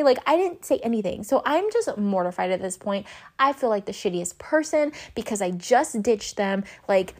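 A woman's voice: fairly high pitch, animated, moderate pace, darkish tone. A young woman hosting a podcast, telling a personal story casually and animatedly, swearing and acting out her own panicked lines. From Southern California. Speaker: podcast host.

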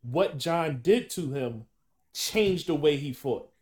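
A man hosting a sports podcast, asking long, halting questions with many restarts in casual chat. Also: on the high side, lively intonation, darkish tone. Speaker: podcast host.

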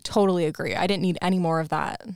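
A woman co-hosting a podcast, recapping a movie in casual chat and slipping into quick voices for the characters. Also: on the low side, fairly even intonation, darkish tone, clear, resonant tone, no room sound, studio quality. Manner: retells scenes with quick put-on quotes. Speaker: podcast co-host.

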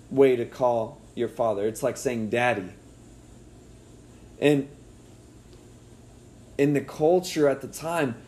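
A man delivering an earnest sermon in a mellow, warm voice. He preaches with feeling and often sinks soft and low at tender points. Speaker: pastor.

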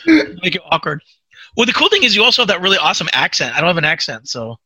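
A man hosting a podcast, chatting and telling stories in a quick, animated way. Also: high-pitched, slightly rough, no room sound, rough recording. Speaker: podcast host. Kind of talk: casual chat, storytelling.

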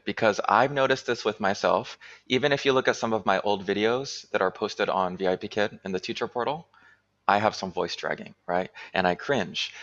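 Low-voiced man leading a teaching workshop. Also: fairly bright tone, lo-fi sound. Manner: clear instructional talk with frequent "right?". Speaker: teacher trainer.

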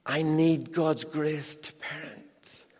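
A middle-aged man preaching a sermon as a pastor, emphatic and animated, with asides to the congregation. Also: on the high side, takes it slowly. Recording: long reverb in a large hall.

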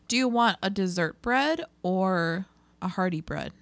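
A woman's voice: medium pitch, animated, a little slow, gravelly, no echo. A woman in casual chat with a friend, blunt and crude and joking.

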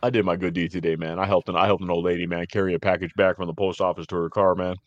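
A man hosting a podcast, chatting casually and telling stories in a lively way, with frequent fillers like "man" and "you know". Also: rapid-fire, no echo, dull audio. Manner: animated storyteller, jumps high to act out women in anecdotes. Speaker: podcast host. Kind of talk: casual chat.

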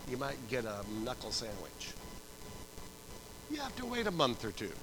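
A middle-aged man preaching a sermon, telling stories with acted-out voices and swinging from soft to loud. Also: mid-range voice, sing-song, normal speed, a little hiss or hum, poor audio. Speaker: pastor.

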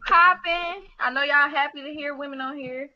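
Female guest, bright lively high voice, lo-fi dull recording. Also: moderate pace. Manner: lively, laughing banter. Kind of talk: casual group chat.

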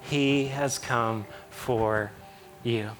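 A man preaching a sermon in an animated way, with playful asides and acted-out quotes. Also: medium pitch, extremely slow, faint music behind. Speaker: pastor.

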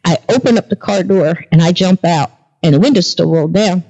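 A woman's voice: lowish voice, a little fast. Woman telling a tense story, lo-fi. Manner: animated storyteller, acting out dialogue. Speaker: podcast guest. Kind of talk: storytelling in a casual interview. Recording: dull lo-fi recording.

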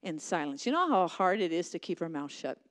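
A woman preaching a sermon with passion, swinging from loud emphatic lines to hushed ones and repeating phrases for emphasis. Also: fairly low pitch, very animated, fairly quick.

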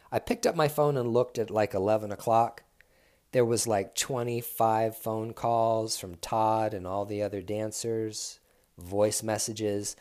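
A man, a dancer, telling a story from his own life in a blunt, profane way. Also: on the low side. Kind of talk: casual storytelling.

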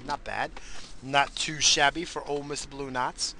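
Gravelly, bright-voiced man rambling casually. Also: normal speed. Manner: loud hyped bursts, then low muttering; swears often, coughs while smoking. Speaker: podcast host.

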